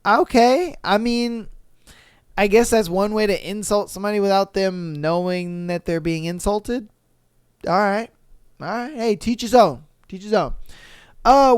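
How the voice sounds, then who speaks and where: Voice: medium pitch, slow pace, clear, resonant tone, no echo, studio quality. A podcast host reads online posts aloud and reacts with slang, swearing and laughter. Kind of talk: casual reaction commentary reading online posts.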